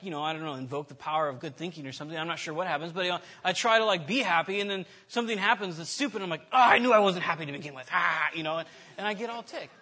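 A man's voice: high voice, sharp tone. A man giving an informal sermon in a candid, self-deprecating, conversational way, often restarting his sentences. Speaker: preacher.

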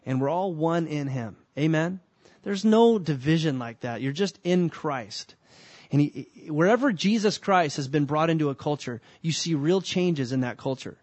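A man preaching a sermon in a conversational way, with emphatic bursts and slow, drawn-out lines. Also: on the high side, lively intonation, darkish tone, no room sound. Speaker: pastor.

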